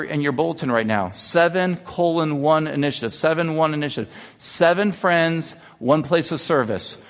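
A fairly high-pitched man's voice trails off with a long reverb tail in a church sanctuary. He's a pastor in his thirties, preaching earnestly as he moves from personal confession into exhortation.

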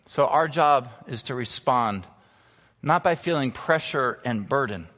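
A man pastor preaching a sermon, emphatic, slowing down to stress key words. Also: medium pitch, animated, fairly bright tone. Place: church sanctuary. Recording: long reverb of a large hall.

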